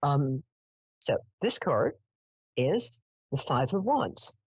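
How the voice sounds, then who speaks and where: A woman hosts a live psychic call-in show in a low voice that moves around a lot in pitch. She talks casually with many "um"s and laughs. The sound is a bit husky, dry and lo-fi. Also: slow, dry recording. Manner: chatty, animated, lots of "um"s and laughs. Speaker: psychic radio host.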